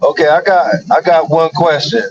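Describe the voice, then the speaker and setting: A man's voice: fairly high pitch, moderate pace, crowd noise. A man calling in on his phone while driving, talking conversationally and repeating himself. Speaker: caller. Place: in a moving car. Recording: dull phone line with road noise.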